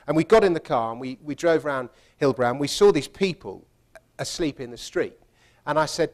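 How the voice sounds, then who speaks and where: Guy spinning a travel story, slightly high voice, keeps laughing. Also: a little fast. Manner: chatty, laughs through the story. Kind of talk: anecdotal storytelling talk.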